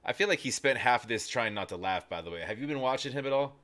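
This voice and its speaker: A man's voice: medium pitch, expressive, quick pace, fairly bright tone, a little hiss or hum. A man hosting a reaction video, chatting casually with lots of restarts, fillers and the odd curse. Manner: rambling, frequent restarts and fillers, casual swearing.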